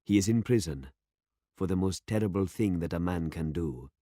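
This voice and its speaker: A man voicing a grave, elderly village pastor in a story read aloud, speaking slowly and formally. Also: low voice, expressive, dark tone, dry recording, studio quality. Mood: solemn. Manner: slow, solemn and formal.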